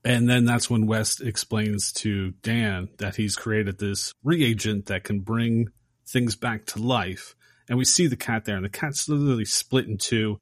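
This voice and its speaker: Low-voiced man recapping a film. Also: measured pace, no room sound, studio quality. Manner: animated storyteller acting out quotes. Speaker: podcast host.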